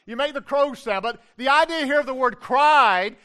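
An older man preaches a sermon from the pulpit. He is loud and emphatic and often turns to the congregation with questions. His voice sits high for a man and rings bright and forceful. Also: normal speed, smooth. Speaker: pastor.

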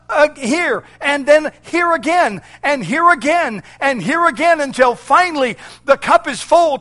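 A man preaching an impassioned sermon, swinging from loud shouted declarations to low, intense warnings with a repetitive, emphatic cadence.

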